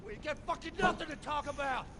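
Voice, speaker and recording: An actor voicing a cornered, hostile male thug, yelling curses defiantly. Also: very high voice, a little fast. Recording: distant game audio in a hall, loud noise.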